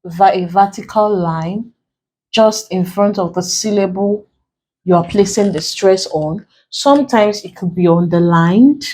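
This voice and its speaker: Nigerian lady tutor going over word stress for an exam, slow and careful, says key words twice, mid pitch. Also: a little mellow. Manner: explains slowly, repeats key terms, counts syllables aloud. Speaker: English tutor. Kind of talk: exam prep lesson.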